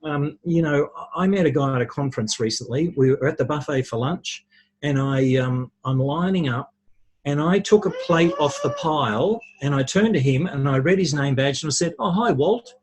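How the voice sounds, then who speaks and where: A man, a podcast guest, explaining ideas with lively anecdotes and worked examples. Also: fairly high pitch, normal speed, slight background noise. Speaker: podcast guest, relationships speaker. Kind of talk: conversational storytelling.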